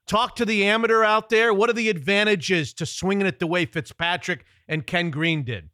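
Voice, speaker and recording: A man hosting a sports radio interview, asking brisk, joking questions about golf. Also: sits high, fairly even intonation, sharp tone, dry recording, clean studio sound. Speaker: radio host.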